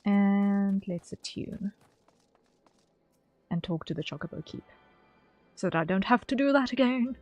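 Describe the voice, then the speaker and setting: A woman's voice: mid-range voice, lively intonation, unhurried, pauses often, a little mellow, no room sound, lo-fi sound, soft background music. A young woman streaming from home at her desk mic, chatting casually while playing, rambling and correcting herself. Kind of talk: casual gameplay commentary.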